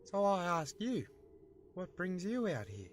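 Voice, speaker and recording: A man's voice: high voice, very animated, a little slow, slight background noise. Taipan Pete, a man voicing an easygoing Aussie bushman. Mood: laid-back. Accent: Australian. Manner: easygoing, generous, swears casually. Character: friendly laid-back Aussie bushman drifter. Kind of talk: animated show dialogue.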